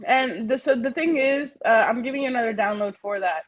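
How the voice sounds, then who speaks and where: A woman with a somewhat high voice hosting a relaxed healing session. She chats playfully and laughs easily, then slips into gentle, step-by-step guidance. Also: a little fast, highs cut off. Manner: laughs often, chatty and playful; gently guiding, soothing instructions. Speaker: healing facilitator and host. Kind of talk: casual livestream healing session.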